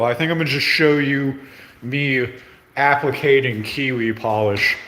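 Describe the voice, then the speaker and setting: A man's voice: mid-range voice, fairly bright tone. A man ranting in a brash, profane, comedic vlog, repeating himself and tagging lines with "okay?". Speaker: vlogger. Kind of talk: rambling comedic rant.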